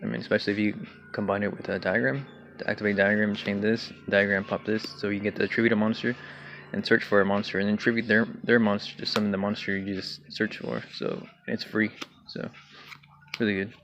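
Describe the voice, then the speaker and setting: A young man casually walking through his card game deck, talking in a relaxed way with many fillers and throat clears. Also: lowish voice, a little fast, soft background music. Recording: dull lo-fi home recording with faint hiss.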